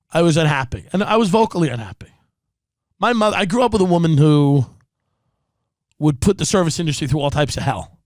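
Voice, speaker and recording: A man's voice: a little high, dry recording. A man hosting a podcast, delivering a sarcastic, profane comedic rant. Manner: sarcastic, profane, impersonates people mid-rant. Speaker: podcast host.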